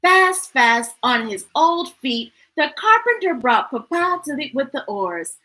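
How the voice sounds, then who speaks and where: A woman reading a children's picture book aloud in an expressive, sing-song narration style. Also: sits high, unhurried, poor audio. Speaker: storytime reader. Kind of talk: children's story read-aloud.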